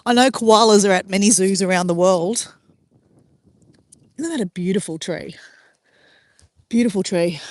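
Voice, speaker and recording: A woman's voice: medium pitch, darkish tone. A middle-aged Australian woman rambles cheerfully to her audience as she walks a riverside trail. Her voice sits mid-range and close, with no room echo around it. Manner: chatty and rambling, talks while walking outdoors. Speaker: vlogger. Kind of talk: casual walking vlog, chatting with viewers. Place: outdoor walking track by a river.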